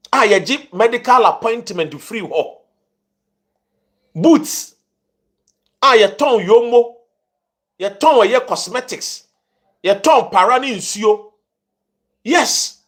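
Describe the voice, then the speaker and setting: Fiery Ghanaian man ranting, husky voice. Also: high voice, a bit bright. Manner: fiery, indignant, switching between Twi and English. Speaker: commentator. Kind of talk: impassioned political commentary.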